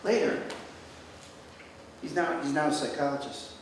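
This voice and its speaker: A man's voice: on the high side, moderate pace, heavy background noise. An older American man, a retired doctor, telling a story in a stand-up routine at a live venue, with audience laughter behind. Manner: storytelling, animated. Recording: echoey, from a distance.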